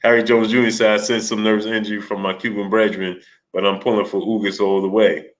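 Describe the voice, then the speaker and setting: The live stream host here has a lowish voice and talks fast. Between greeting viewers and reading Super Chats, he recounts stories animatedly, laughs, and does voices for the people he quotes.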